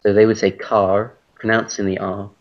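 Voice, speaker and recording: A British man teaching an online English class, relaxed and hesitant, with many fillers and restarts, heard over a video call. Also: fairly low pitch, unhurried, vocal fry. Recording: muffled lo-fi call audio.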